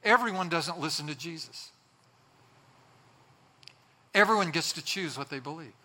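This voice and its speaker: A man's voice: a little high, animated, moderate pace, sharp tone. A man preaching a sermon, emphatic, repeating his phrases for effect, then leading a prayer. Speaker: pastor. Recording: long hall reverb.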